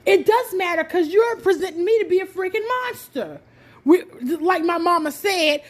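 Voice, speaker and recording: A woman's voice: very high voice, moderate pace. A woman bantering with her son on her podcast, exclaiming and playfully scolding him. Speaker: podcast host and mother.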